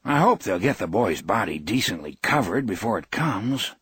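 A man with a husky voice voicing an older male veterinarian who speaks slowly and gravely. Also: lowish voice, big pitch swings, fairly bright tone, dry recording, clean studio sound, heavily acted. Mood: solemn.

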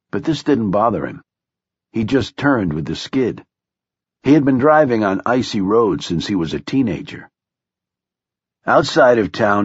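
A man narrating an audiobook in measured, even storytelling, close to the mic. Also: on the low side, slightly rough, no echo, muffled recording. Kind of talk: scripted narration.

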